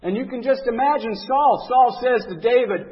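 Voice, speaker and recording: High-voiced preacher in an echoing hall. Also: male voice, normal speed. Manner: dramatic, swings from loud emphatic to quiet. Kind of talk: sermon. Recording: dull audio in a reverberant hall.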